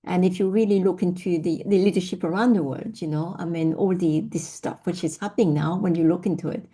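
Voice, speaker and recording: Earnest woman speaker, husky and mellow. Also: fairly low pitch, a little fast. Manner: earnest, reflective, rhetorical questions. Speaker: guest speaker. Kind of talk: online talk session. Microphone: video call.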